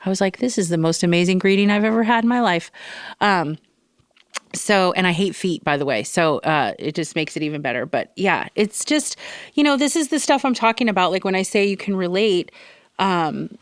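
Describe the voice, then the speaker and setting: Low, smooth-voiced woman podcast host. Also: lively intonation, moderate pace, no echo. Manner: chatty, rambling, with fillers and quoted asides. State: recovering from respiratory infection. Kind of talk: casual solo podcast chat.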